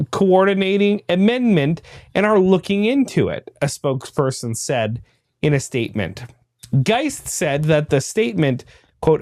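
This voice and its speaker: A man's voice: high-pitched, a little mellow, dry recording. Man reading news with wry asides. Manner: dry, laughing asides. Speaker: podcast host. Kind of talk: reading a news article aloud with commentary.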